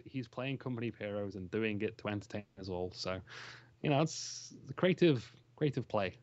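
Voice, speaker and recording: A man's voice: mid-range voice, moderate pace, no echo, muffled recording. A man chatting casually as an interview guest about strategy games, rambling and enthusiastic, laughing often. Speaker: interview guest, game shoutcaster.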